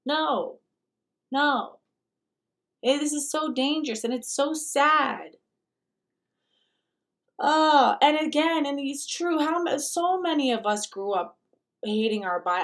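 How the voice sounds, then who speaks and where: A woman with a fairly high voice gives fired-up, blunt commentary on a clip. She is emphatic and swears freely, pressing her points hard. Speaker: host. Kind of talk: commentary reacting to a video clip.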